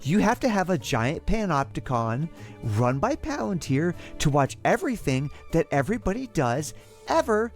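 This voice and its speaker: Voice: mid-range voice, sing-song, normal speed, soft background music. A podcast co-host in casual chat, dry and sarcastic.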